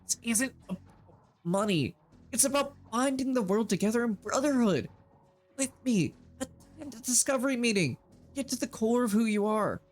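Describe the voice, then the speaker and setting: A man's voice: very high voice, animated, moderate pace, pitched above the performer's own voice. A man voicing an earnest young man who has joined a cult, pleading and preachy. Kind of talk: game text read aloud in character.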